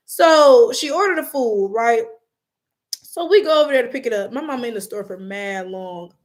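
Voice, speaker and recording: Young female streamer, slightly high voice, swears freely, animated stories and chat reading. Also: normal speed. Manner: animated, profane storytelling. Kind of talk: casual live-stream chat.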